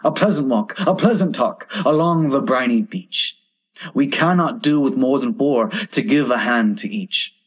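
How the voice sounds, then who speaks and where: A man's voice: medium pitch, lively intonation, a little slow, breathy edge. A man voicing a sly, sentimental old walrus with a grand, coaxing manner.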